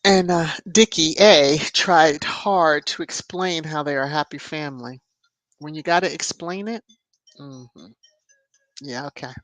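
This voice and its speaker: A woman's voice: low-pitched, measured pace, a bit bright, no room sound. A woman hosting a casual livestream, commenting and reading chat with sassy, chatty asides, humming and laughing often. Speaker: livestream host.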